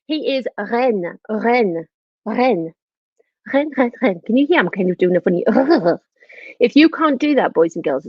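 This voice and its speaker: A woman teaching French words to children in an online lesson, repeating each word in a lively, sing-song way. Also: mid-range voice, breathy edge, dry recording, muffled recording.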